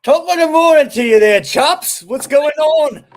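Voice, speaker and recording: A brash young English newspaper boy, as a man puts him on, bellowing in a high, exaggerated British accent. He is loud and theatrical, with a boastful swagger. It is a comic podcast bit. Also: a little slow. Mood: hammy bragging. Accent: put-on British. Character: brash young male English paperboy with a pipe.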